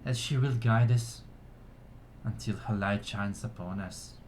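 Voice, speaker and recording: Solemn village elder giving a moonlit blessing, slow and measured, low-voiced, played by a man. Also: a little mellow, slight background noise, natural voice. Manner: slow, measured ceremonial speech.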